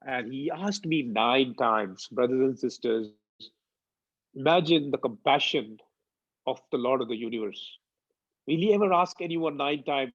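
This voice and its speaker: A man's voice: mid-range voice, normal speed, no echo, dull audio. A man from India giving a devotional talk, telling a personal story earnestly and acting out its dialogue. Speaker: satsang speaker.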